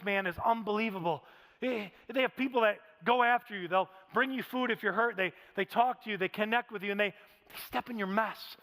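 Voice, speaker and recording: Male pastor, high-pitched and animated, sermon recorded with long hall reverb. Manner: animated storytelling, acts out quoted voices. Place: large church auditorium.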